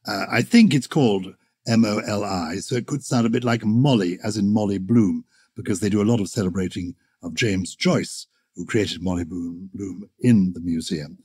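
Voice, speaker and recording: A man's voice: lowish voice, normal speed, a little mellow, breathy edge. A man hosting a language podcast, chatting with enthusiasm and theatrical asides. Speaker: podcast host. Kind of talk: podcast chat.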